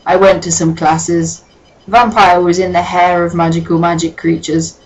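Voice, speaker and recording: A woman's voice: on the low side, flat delivery, moderate pace, low-quality recording. A woman giving a comic reading with sarcastic, profane asides. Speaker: dramatic reader.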